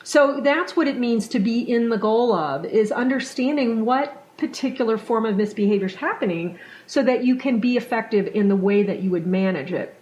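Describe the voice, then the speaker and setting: A middle-aged woman trainer telling stories in an animated, conversational way, now and then acting out the people she quotes. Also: a little high, a little fast, hardly any pauses, low-quality recording. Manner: animated, acts out quoted voices. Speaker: workplace culture trainer and guest. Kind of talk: conversational storytelling.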